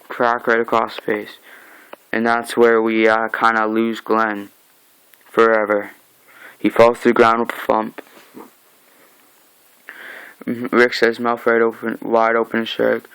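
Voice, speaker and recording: Gravelly man doing a casual comic recap. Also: medium pitch, measured pace, long pauses, no room sound, low-quality recording. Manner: animated, acts out lines with mock shouts. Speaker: comic book reviewer. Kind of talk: casual comic recap, reading dialogue aloud.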